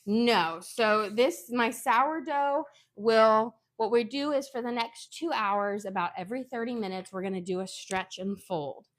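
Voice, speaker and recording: A woman with a fairly high voice talks unhurriedly and with hardly any pauses as she shows a recipe step by step in her home kitchen. This home cooking vlogger is chatty and instructional, often sidetracked into family anecdotes.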